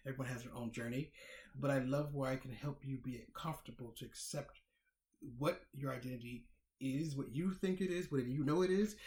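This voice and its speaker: A man's voice: medium pitch, brisk, darkish tone. A man in easy podcast conversation, weighing each point and often repeating a word before he goes on. His voice carries the ring of a roomy, echoing space around him. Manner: reflective, repeats words while thinking. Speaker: podcast co-host. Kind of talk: casual chat. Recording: roomy echo.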